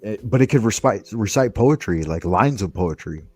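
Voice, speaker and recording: A man hosting a casual live stream, telling relaxed stories and swearing casually. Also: lowish voice, normal speed, husky, soft background music. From United States. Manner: laid-back storyteller, swears casually. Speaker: stream host. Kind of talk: casual chat.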